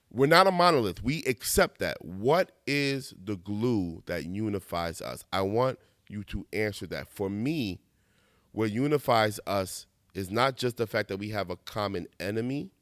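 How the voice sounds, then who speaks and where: A man's voice: fairly low pitch, no room sound. Guy talking it through on his channel, voice swings all over, super dry close sound. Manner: animated, conversational, laughs at himself, slangy asides. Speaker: video essayist. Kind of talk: casual monologue.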